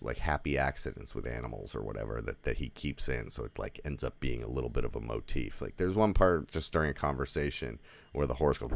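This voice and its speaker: A man reviews a movie from home in an off-the-cuff, meandering way, with frequent swearing and "like" fillers. His voice sits extremely low and has a rough, fry-laden texture. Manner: rambling, profane, heavy use of "like". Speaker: film reviewer. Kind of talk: casual spoken movie review. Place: home, with a dog nearby.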